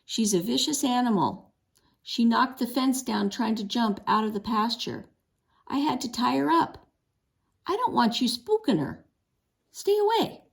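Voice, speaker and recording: A woman's voice: a little high, animated, vocal fry. A woman growling as a cruel old horse owner. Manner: growling, slow menacing drawl.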